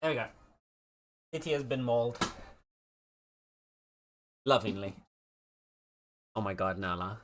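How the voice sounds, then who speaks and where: Brief: easygoing streamer, slow unhurried delivery, gushing exclamations, coos at animals. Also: mid-range voice, animated, noisy background. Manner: talks to pets in a cooing voice. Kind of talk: casual chat with viewers.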